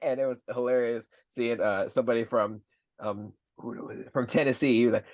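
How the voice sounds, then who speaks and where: A man's voice: medium pitch, steady tone, brisk, darkish tone, dry recording. A man hosting a podcast interview, chatting casually, upbeat and encouraging toward his guest, with some casual swearing. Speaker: podcast host.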